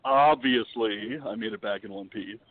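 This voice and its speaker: A man guesting on a podcast, telling a travel story in a lively, dramatic way and swearing freely. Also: on the low side, moderate pace. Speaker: podcast guest, wildlife video producer. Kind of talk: casual storytelling. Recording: dry, tinny phone-like line.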